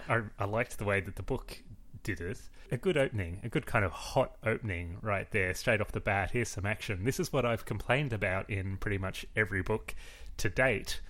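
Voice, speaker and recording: Aussie guy chatting about books, enthusiastic, lowish voice. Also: a bit bright. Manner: enthusiastic, playful, stammering. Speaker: podcast co-host. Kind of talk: casual book discussion.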